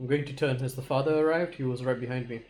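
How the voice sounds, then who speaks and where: A man playing a tabletop game, speaking earnestly and in a measured way, often in character. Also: medium pitch, fairly even intonation, a little mellow. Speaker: player.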